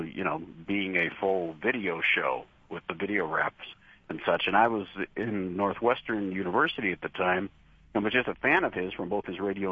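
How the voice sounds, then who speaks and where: A middle-aged man, a horror show host giving relaxed, chatty interview answers and laughing easily. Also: fairly low pitch, breathy edge, no room sound. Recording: dull lo-fi dry line.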